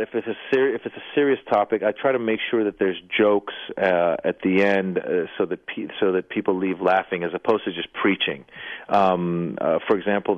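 A man's voice: low voice, no echo. A man, a comedian and actor, telling stories as a guest in a radio interview and acting out the voices of people he quotes. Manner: anecdotal, acts out quoted voices. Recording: tinny phone-line sound, dry.

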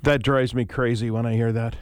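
Male talk radio host, relaxed and conversational, dry close studio mic. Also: medium pitch, a little fast, clean tone, no echo. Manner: conversational, easygoing, frequent uh fillers. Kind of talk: radio talk show hosting. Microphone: studio microphone.

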